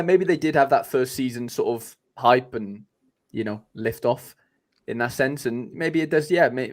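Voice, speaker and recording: Rambling man hosting a podcast. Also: medium pitch. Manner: rambling, many fillers and restarts. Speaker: podcast host. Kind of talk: casual chat.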